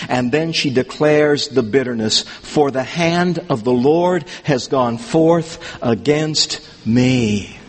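A man preaching an expository sermon in a measured, emphatic way, reading scripture passages aloud. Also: high-pitched, in a large hall.

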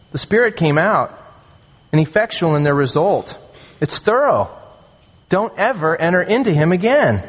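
A man preaching a sermon as a pastor, earnest and emphatic, slowing down to stress key phrases. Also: a little high, slightly rough. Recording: long hall reverb.

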